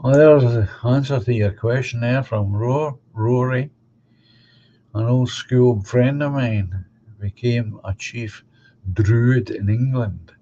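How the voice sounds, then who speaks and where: This Glaswegian host, a middle-aged man, chats casually and bluntly on a livestream, voicing strong opinions as he reads viewer comments aloud. His mid-range voice is slow and mellow, and the lo-fi recording carries a little hiss or hum.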